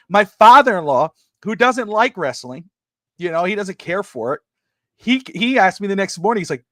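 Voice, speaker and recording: A man co-hosting a sports talk show, chatting casually in an excitable, rambling way and often restarting his sentences. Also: high voice, moderate pace, dry recording, clean studio sound. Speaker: sports podcast co-host.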